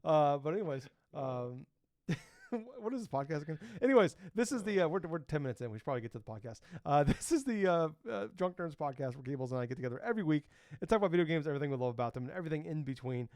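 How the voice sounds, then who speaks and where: A man's voice: on the high side, expressive, rapid-fire, darkish tone, no room sound. A man in his thirties co-hosting a casual gaming podcast, rambling with lots of fillers and the odd swear word. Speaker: podcast co-host. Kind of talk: casual chat.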